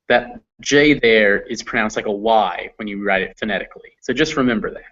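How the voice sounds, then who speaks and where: A man's voice: on the low side, fairly even intonation, a little fast, hardly any pauses, a bit bright. A man tutoring English pronunciation, patiently listing example words one at a time. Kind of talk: slow explanatory teaching. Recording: muffled lo-fi audio.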